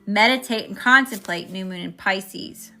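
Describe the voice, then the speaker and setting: A woman's voice: medium pitch, moderate pace, sharp tone, faint music behind. A woman doing a live-stream tarot reading, chatting with viewers between cards. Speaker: tarot reader.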